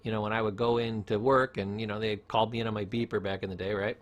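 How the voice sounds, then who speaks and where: A man's voice: lowish voice, little pitch movement, fast. A middle-aged man, a former therapist, giving a casual, emphatic self-help lecture and acting out quotes. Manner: conversational, emphatic, acts out quotes.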